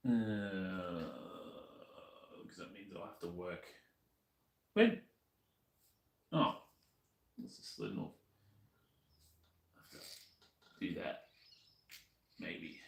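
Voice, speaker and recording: Slow, gravelly Australian man. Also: low-pitched, lively intonation, roomy sound. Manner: mutters to himself while tinkering. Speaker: streamer. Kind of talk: casual live-stream chat while working.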